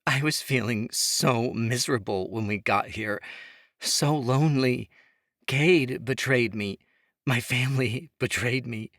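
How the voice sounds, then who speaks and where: A man voicing an angry, grieving young woman in shrill, tearful outbursts. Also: a little slow, fairly bright tone, no echo, studio quality.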